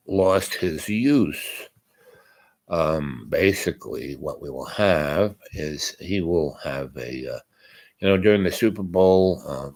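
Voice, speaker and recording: Low-voiced rambling man, many fillers. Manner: meandering, many fillers and asides. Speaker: podcast host. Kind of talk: rambling casual monologue.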